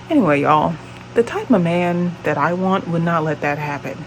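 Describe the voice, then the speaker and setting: A woman's voice: on the low side, lively intonation, normal speed, a little hiss or hum, poor audio. A woman in her late twenties telling a dating story on her vlog in a blunt, profane, exasperated way. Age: late 20s. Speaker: vlogger.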